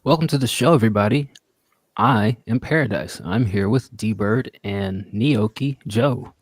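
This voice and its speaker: A man's voice: fairly low pitch, a little slow. A man hosting a casual live-stream show, playful and fond of long explanations. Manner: playful, explains things at length. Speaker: podcast host.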